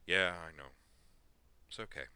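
A man's voice: low-pitched, measured pace, pushed and bright, smooth, no echo, exaggerated voice. A man voicing an easygoing young woman who talks casually and breezily.

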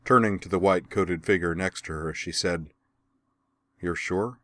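A man narrating an audiobook of fan fiction in a steady, even storytelling manner. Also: deep voice, fairly quick, dry recording.

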